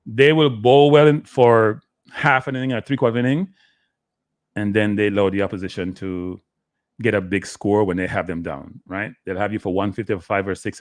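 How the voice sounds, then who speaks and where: A man's voice: on the low side, no echo. A man hosting a live sports talk stream, rambling casually, talking to viewers by name and slipping into patois, his throat dry. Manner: rambling, talks to the chat by name, slips into Caribbean patois.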